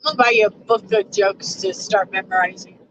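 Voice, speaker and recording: A woman's voice: medium pitch, fairly even intonation, brisk, a bit bright, muffled recording, a little hiss or hum. A woman trucker hosting a casual live stream from her truck cab, chatting with viewers and laughing often. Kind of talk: casual live chat reading viewer comments.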